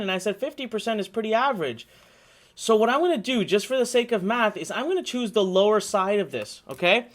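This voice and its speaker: A man in his thirties, talking to his audience in a loose, chatty workshop manner. He checks in with them often as he tells a story and walks through his numbers. His voice sits somewhat high for a man. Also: a bit bright. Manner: chatty storyteller, lots of "okay?" and "you know". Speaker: online marketing instructor. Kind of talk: live workshop teaching.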